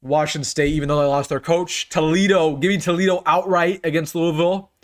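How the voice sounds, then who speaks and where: A young man hosting a live sports stream, rattling off bowl game picks in casual, excitable talk and often repeating himself for emphasis. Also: on the high side, a little fast. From United States. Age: young adult. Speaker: sports channel host.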